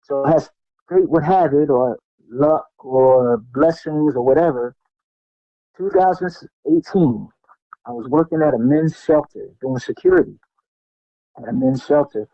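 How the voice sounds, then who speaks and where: A middle-aged man, a podcast guest and martial artist, telling stories in an animated, casual way with many fillers and restarts. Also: fairly high pitch, unhurried, no echo. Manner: animated, lots of fillers and restarts, acts out what people said. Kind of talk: casual storytelling. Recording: dull lo-fi sound, dry.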